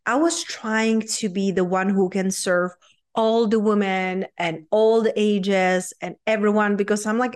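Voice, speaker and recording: A woman's voice: medium pitch, steady tone, a little slow, a little mellow. A woman with a Czech accent hosting her own podcast as a business coach, talking in an upbeat, earnest, motivational way. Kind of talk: solo podcast talk.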